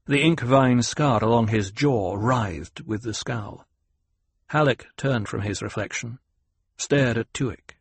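A man narrating an audiobook in a steady, measured reading voice. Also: mid-range voice, husky, no echo. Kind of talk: scripted narration.

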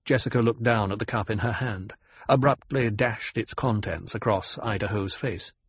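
A man narrating an audiobook in a steady, even storytelling manner. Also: lowish voice, normal speed, breathy edge, no room sound. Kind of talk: scripted narration.

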